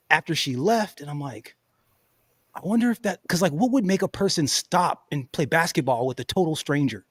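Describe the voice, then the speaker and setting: Male host, high voice, dry close sound; animated storyteller who laughs a lot. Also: normal speed, no echo. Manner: animated, laughs often, says "bro" and "you know what I'm saying". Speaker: podcast host. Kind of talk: casual storytelling chat.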